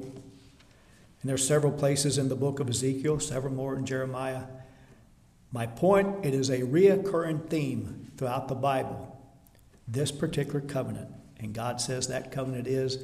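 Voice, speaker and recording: A male pastor preaching a sermon to a seated congregation, reading scripture slowly and emphatically, often rising to louder declarations. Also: medium pitch, fairly even intonation. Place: church hall before a seated congregation. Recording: echoey hall with long reverb.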